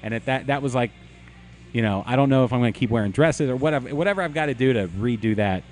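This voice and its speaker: A man co-hosting a beer show, telling a rambling story in casual chat, with many halting restarts. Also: mid-range voice, soft background music. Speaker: podcast co-host.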